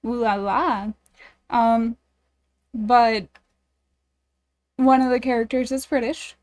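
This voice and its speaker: A woman's voice: on the high side, steady tone, slow, a little mellow. A woman streaming a dating game, reading it aloud and chatting with her viewers in a bubbly, giggly, self-deprecating way.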